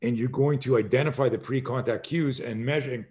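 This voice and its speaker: An energetic man in his sixties, talking as a podcast guest at an ordinary mid-range pitch. He rambles through emphatic explanations and acts out little scenes, jumping into sudden shouted lines and swearing freely. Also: fairly quick. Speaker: self-defense instructor, podcast guest. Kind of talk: animated conversational storytelling.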